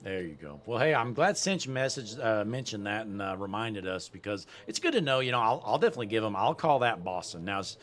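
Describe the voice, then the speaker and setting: A man's voice: lowish voice, lively intonation, fairly quick, few pauses, a bit bright. A man hosting a sim racing broadcast, wrapping up with upbeat, folksy broadcaster patter. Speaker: play-by-play host.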